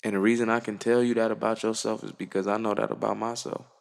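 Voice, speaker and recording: A man's voice: on the low side, little pitch movement, fast, gravelly, long reverb tail. A young man musician giving an earnest, slangy, profane monologue to camera. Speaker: musician vlogger. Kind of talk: reflective casual monologue.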